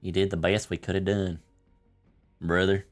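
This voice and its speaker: A man hosting a live-streamed game, chatting with a teammate and viewers, laughing often and excitable. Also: low-pitched, normal speed, faint music behind. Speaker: streamer and gaming host. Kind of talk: live-streamed gameplay chat.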